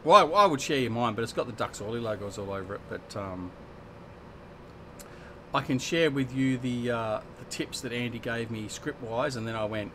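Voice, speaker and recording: While gaming live, an Australian host cracks jokes, reads out chat, and answers his viewers in relaxed conversation. His mid-range voice moves at normal speed over a noisy background.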